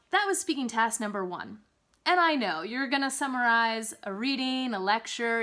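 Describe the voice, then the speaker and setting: A woman coaching test takers in an upbeat teaching monologue. Her voice sits a little high and swoops up and down as she shows the difference between flat and lively speech. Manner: lively, swings pitch up and down to demonstrate. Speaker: English test prep teacher.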